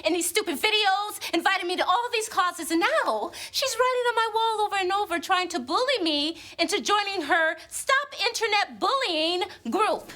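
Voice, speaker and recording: An exasperated, sassy woman, very high and animated, sitcom noise behind. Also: normal speed, hardly any pauses, heavily acted. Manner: indignant, ranting complaints. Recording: sitcom soundtrack with audience laughter.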